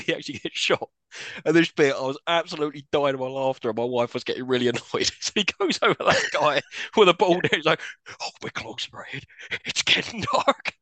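A man's voice: on the high side, dry recording. A man co-hosting a film podcast, recapping scenes in a casual chat, laughing often and acting out lines. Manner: animated recapping, quick to laugh, acts out scenes. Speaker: podcast co-host.

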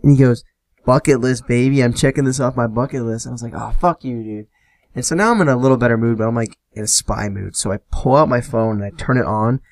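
A young man hosting a podcast alone, telling a personal story in a casual, profane, animated way and acting out the other people in it. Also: mid-range voice, no echo. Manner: profane, animated retelling with quoted dialogue. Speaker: podcast host.

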